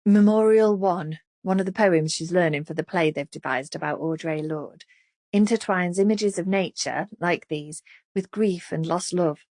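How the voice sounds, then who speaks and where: A woman reading an audiobook thriller in an expressive, scripted narration. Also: on the low side, a little slow, no room sound, clean studio sound.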